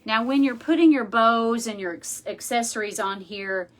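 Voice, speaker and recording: A woman's voice: medium pitch, normal speed, hardly any pauses, fairly bright tone. A woman hosting a craft tutorial, chatting casually and thinking aloud as she works. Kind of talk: casual how-to demonstration.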